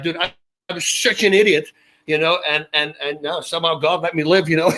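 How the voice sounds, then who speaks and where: Guy, high bright voice, excitable rambling stories, keeps laughing. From Netherlands. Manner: excitable, laughs often, vivid run-on anecdotes. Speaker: interview guest. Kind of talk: animated storytelling in a casual interview.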